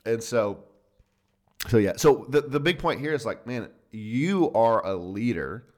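A man's voice: medium pitch, animated, unhurried, darkish tone. A man co-hosting a casual podcast chat on Christian leadership, earnest, laughing easily and restarting his sentences. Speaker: podcast co-host.

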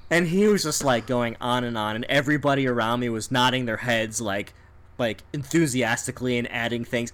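A man's voice: mid-range voice, normal speed, slight background noise. A man in casual chat telling a story with lots of energy, laughing and acting out the people in it. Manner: animated, laughs often, acts out people in quotes.

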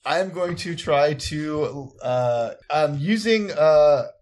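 A man's voice: fairly high pitch, expressive, slow, darkish tone. A man talking hesitantly as a player in a tabletop game, with many fillers.

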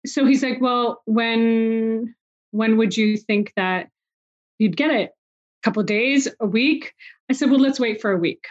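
A woman's voice: fairly high pitch, a little slow. A woman in her forties speaks in an interview, telling her story with quoted back-and-forth dialogue. She sounds emotional. The recording is a bit dull and lo-fi. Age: 40s. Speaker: guest. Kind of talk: conversational interview.

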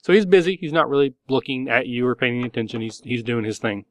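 A man's voice: mid-range voice, expressive, fast talker, no echo. Guy running a tabletop game, lots of "like" and "you know", totally dry close recording. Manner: loose and rambling, many fillers. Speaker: game master.

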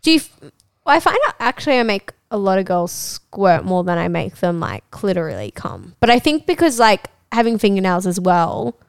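A woman's voice: medium pitch, very animated, moderate pace, creaky, smooth, no room sound, studio quality. An Australian woman co-hosting a podcast in casual chat, frank and giggly, acting out what people said. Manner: frank, giggly, acts out quoted lines. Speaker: podcast co-host.

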